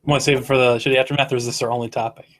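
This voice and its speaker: A man of middle pitch co-hosts a relaxed comedy show. He mostly answers with brief, dry quips and short reactions. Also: very fast. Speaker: co-host. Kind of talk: casual comedic banter.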